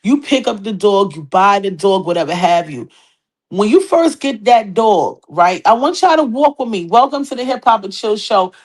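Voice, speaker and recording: A middle-aged woman hosting a hip hop gossip show, brash, profane and animated, talking straight to viewers. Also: mid-range voice, normal speed. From New York City, Queens. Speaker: podcast host.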